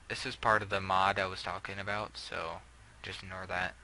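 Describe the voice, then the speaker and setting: A man's voice: low-pitched, little pitch movement, a little fast, pushed and bright, low-quality recording. A young man casually talking through a game build, rambling with many fillers and self-corrections. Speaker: gameplay video creator.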